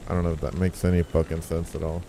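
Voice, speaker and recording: A man streaming a game, chatting casually in a rambling, profane, excitable way. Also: sits low, fast, heavy background noise. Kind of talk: casual gaming stream chat.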